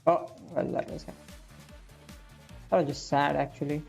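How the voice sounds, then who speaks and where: A man's voice: on the high side, flat delivery, a little slow, vocal fry, a little mellow, faint music behind. A young man in his twenties telling a rambling, profane, self-mocking story over gameplay. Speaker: gaming streamer.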